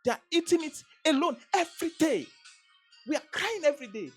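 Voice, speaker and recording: A woman's voice: sits high, big pitch swings, brisk, soft background music. A Nigerian woman vlogger giving an emphatic political commentary, repeating phrases and restarting sentences as she presses her points. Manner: emphatic, repetitive, stammering restarts.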